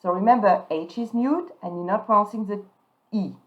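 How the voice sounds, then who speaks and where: Lady teaching verb endings, says the words slow and clear, kinda muffled lo-fi audio. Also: mid-range voice. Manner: slow, emphatic modelling of French words. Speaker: French teacher. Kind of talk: pronunciation lesson. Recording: dull lo-fi sound.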